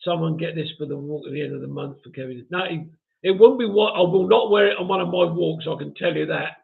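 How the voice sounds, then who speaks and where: This man hosts a live stream, reading viewer comments aloud and chuckling often in a chatty, self-mocking way. His voice sits on the high side, creaky and fast-talking, and the audio is tinny, like a phone.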